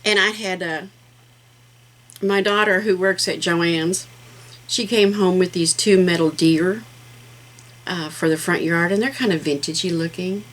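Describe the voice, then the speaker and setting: Middle-aged lady vlogger, kinda low voice, rambly and heartfelt, lots of ums. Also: fairly even intonation, a little slow, pauses often, rough recording. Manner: rambling and heartfelt, with many fillers. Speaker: craft channel host. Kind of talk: casual vlog chat.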